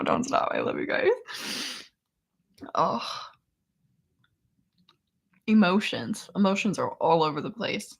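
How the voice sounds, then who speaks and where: Young woman, worn out and half-whispering, slow and gravelly in a casual live chat. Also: medium pitch, sing-song. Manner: soft, half-whispered and emotional, laughing often. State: worn out after a seizure. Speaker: vlogger hosting a live chat.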